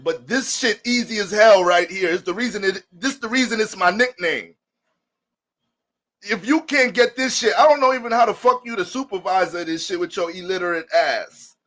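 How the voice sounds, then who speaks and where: A man with a noticeably high speaking voice gives a loose astrology talk. He slides into joking, profane stories and talks to viewers as family. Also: unhurried, a bit bright. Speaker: astrology reader. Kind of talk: casual astrology talk with storytelling.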